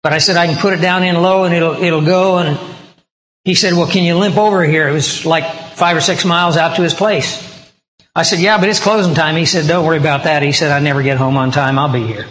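A man's voice: fairly high pitch, fairly even intonation, a little fast, fairly bright tone. A male pastor preaching a sermon as a personal story, talking conversationally and acting out the dialogue he quotes. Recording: roomy hall with long reverb.

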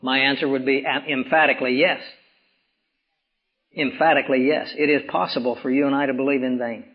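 A man preaching a sermon as pastor, hoarse from swollen tonsils, with emphatic rises and slow, dramatic drops. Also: mid-range voice, flat delivery. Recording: dull lo-fi recording.

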